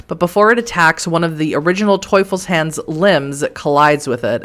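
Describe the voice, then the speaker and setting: A woman's voice: deep voice, fairly bright tone. A woman streamer reading a game's text aloud, with exasperated asides. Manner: dramatic reading broken by exasperated asides and laughs. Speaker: let's play streamer.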